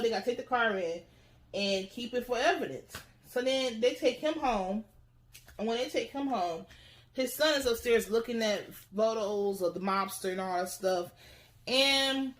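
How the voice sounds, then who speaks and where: A woman recaps a TV episode in loose, profane chat. She talks a little high and jumps into voices for the characters. The room around her has a noticeable echo. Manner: animated storytelling, acts out characters in voices. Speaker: TV recap host. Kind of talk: casual profane show recap.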